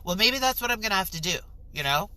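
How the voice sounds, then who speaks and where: A woman's voice: mid-range voice, lively intonation, fast talker, pushed and bright, rough recording. A young woman, ranting to the camera in a storytime vlog, exasperated and swearing. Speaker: vlogger.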